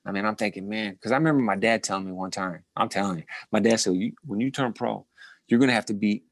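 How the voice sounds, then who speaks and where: A middle-aged man, once a boxing champion, tells his fight stories with a low voice. He talks in bursts, repeats and restarts his words, and laughs often. His voice sounds dry and close, with no room around it. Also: fast talker, dry recording. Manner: animated storyteller with many restarts and repeated words. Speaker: former boxing champion, guest. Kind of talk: storytelling in a casual interview.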